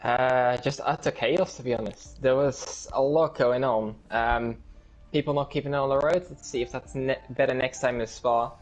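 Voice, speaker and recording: A man's voice: mid-range voice, steady tone, normal speed. A man co-commentating a post-race show with a dry, teasing manner. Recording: dull lo-fi mic with music.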